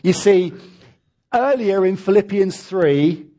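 A man's voice: high voice, expressive, takes it slowly, warm tone. A man preaching a sermon as pastor, emphatic and leading his congregation in reading aloud.

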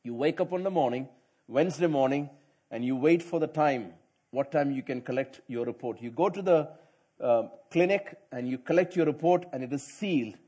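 A middle-aged pastor with a mid-range, slightly breathy voice preaches at normal speed. He tells stories quietly and conversationally, then builds into loud, emphatic preaching.

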